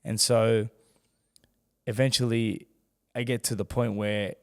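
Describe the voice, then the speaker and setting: A man with a gravelly voice tells a story as a podcast guest, animated and acting out the people he quotes. His voice carries a long reverb from the room around him. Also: fairly low pitch, slow. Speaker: guest, former world champion boxer. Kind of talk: candid storytelling in a podcast interview.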